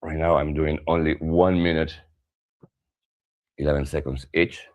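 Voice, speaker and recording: A man teaching a guided yoga stretching session, giving calm cues and softly stressing key words, with some hesitant fillers as he explains. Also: a bass voice, measured pace. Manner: calm instructive cues, drops to soft emphasis. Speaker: yoga and somatic practice teacher.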